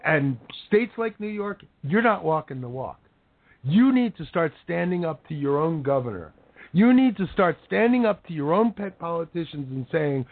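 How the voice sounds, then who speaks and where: A hoarse male show host delivering an angry, sarcastic talk-show rant as his voice gives out. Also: a little high, very animated, normal speed. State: hoarse, voice giving out. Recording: tinny phone-like sound.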